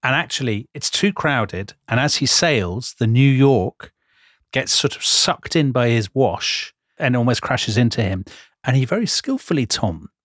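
A man co-hosting a casual history podcast, his voice in a middle register. He talks in a teasing, anecdotal way and throws in quick asides. The sound is dry and close. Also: mid-range voice, lively intonation, a bit bright, no room sound. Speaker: podcast co-host.

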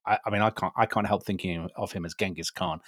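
A man's voice: sits low, steady tone, quick pace, a bit bright, no room sound, clean studio sound. A man co-hosting a podcast, teasing his partner and stammering at the start of his thoughts. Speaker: podcast co-host. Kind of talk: casual podcast chat.

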